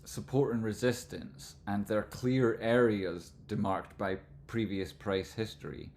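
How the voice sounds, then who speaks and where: A man with a Scottish accent hosting a live stream, explaining stock chart analysis in a relaxed, rambling way. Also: lowish voice, a little slow, slight background noise. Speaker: livestream host, trading analyst.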